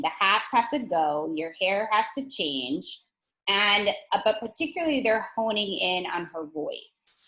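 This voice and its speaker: A woman instructor teaching an online presentation workshop over a video call, speaking in a direct and energetic way with frequent restarts. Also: medium pitch, echoey room, low-quality recording.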